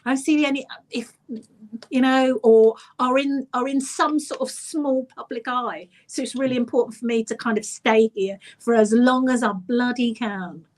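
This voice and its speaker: A woman with an Estuary English accent, a radio presenter chatting as a guest and telling animated stories with acted-out voices. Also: on the high side, normal speed. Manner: animated storyteller, acts out voices. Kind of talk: casual chat.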